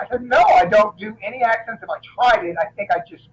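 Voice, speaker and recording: In a low-quality recording, a middle-aged man who acts in action films talks fast in a high voice. He's a guest in a casual interview, sharing animated anecdotes and frequently starting his sentences over.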